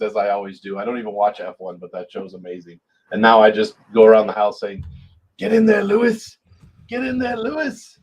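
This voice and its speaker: A man co-hosting a betting show in easygoing, joking casual chat. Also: lowish voice. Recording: dull lo-fi audio.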